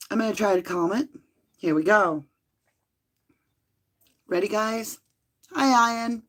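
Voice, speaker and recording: A woman's voice: mid-range voice, lively intonation, takes it slowly, pauses often, a bit bright. A woman hosting a livestream, reading a court ruling aloud from a room at home and breaking off to talk to her viewers by name. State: out of breath.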